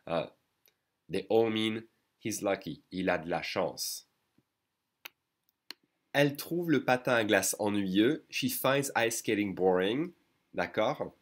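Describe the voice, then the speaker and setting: A man teaching a lesson in English, explaining patiently and repeating phrases slowly while checking in with "okay?" and "d'accord?". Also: lowish voice. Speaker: French teacher. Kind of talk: online language lesson.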